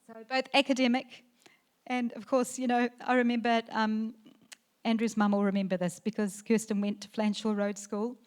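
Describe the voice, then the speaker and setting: A middle-aged woman, the mother of the bride, giving a wedding reception speech into a handheld mic, emotional and halting, with fillers and restarts. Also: fairly high pitch, little pitch movement, clear, resonant tone. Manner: emotional, tearful at times, laughing through the speech. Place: wedding reception venue, indoors.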